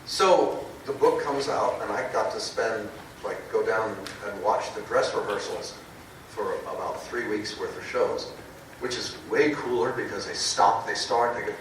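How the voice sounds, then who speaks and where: An older man telling lively anecdotes at a convention panel and acting out the people he quotes. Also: mid-range voice. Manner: lively storyteller, acts out quoted voices. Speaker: comic book writer, panel guest. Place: large convention panel room. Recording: echoey hall recorded from far off, with noise.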